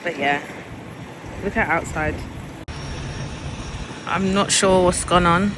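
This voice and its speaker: Give me a woman vlogging casually at home, animated, slipping into patois. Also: fairly low pitch, slow, background noise. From Jamaican roots. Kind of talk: casual vlog chat.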